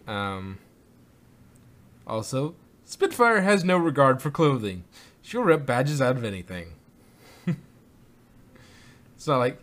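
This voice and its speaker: A man's voice: medium pitch, very animated, slow pace, long pauses, a bit bright. Male host, casual review chat, rambling delivery with frequent chuckles, mid-range voice. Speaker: podcast host.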